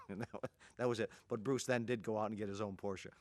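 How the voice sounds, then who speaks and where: An older man, a martial arts instructor, telling an anecdote in a lively storytelling manner and acting out quotes. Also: moderate pace, dry recording. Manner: lively, animated, voices quotes at a much higher pitch.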